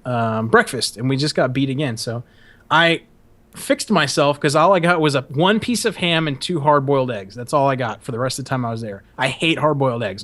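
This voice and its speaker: Bright-voiced swearing podcast host. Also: male voice, mid-range voice. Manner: profane, laughs often, rambling. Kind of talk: casual storytelling.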